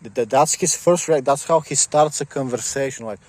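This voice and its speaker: A man rants to the camera in a loose, rambling way with a sarcastic, mocking edge. His voice sits at an everyday middle pitch for a man. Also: normal speed, no echo. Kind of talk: casual rant to camera.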